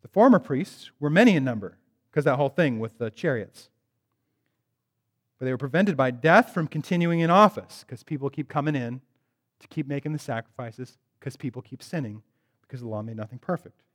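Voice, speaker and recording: A man's voice: medium pitch, lively intonation, a little fast. A man preaching a sermon to his congregation, talking in a casual, joking way and addressing people directly. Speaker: pastor. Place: church sanctuary. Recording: long hall reverb.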